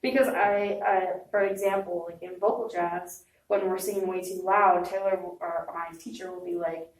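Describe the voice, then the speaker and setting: A woman's voice: on the low side, steady tone, normal speed. Brief: young adult woman, chatty vocal coach type, encouraging, off-mic in a roomy space. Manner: encouraging, chatty, many "like" fillers. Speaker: singer giving advice. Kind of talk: casual chat. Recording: echoey room, distant mic.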